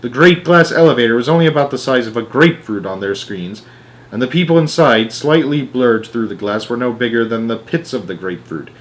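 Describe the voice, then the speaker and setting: A man reading a children's storybook aloud. His voice has a medium pitch, and he narrates with expressive, animated delivery. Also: a little fast.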